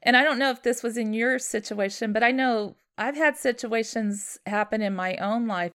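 A woman hosting a conversational interview, speaking gently and answering her guest with short, affirming responses. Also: a little high, normal speed. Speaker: host.

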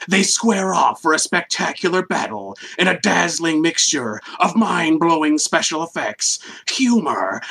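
A man doing a slow dramatic trailer announcer. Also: fairly high pitch, gravelly, fairly bright tone, breathy edge, heavily acted, poor audio. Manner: slow, drawn-out trailer cadence. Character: booming male movie trailer announcer, dramatic.

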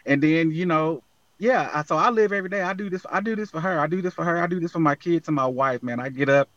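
Man, higher-pitched, earnest and motivational interview guest, dry and dull lo-fi sound. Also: fast, fairly bright tone, no echo. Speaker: guest, app founder. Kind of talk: casual interview conversation.

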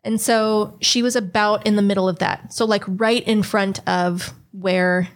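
A woman's voice: mid-range voice, steady tone, a little slow. A young woman telling a story in casual chat as a podcast co-host, chatty and cursing freely, acting out what people said. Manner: chatty, swears freely, acts out quoted voices.

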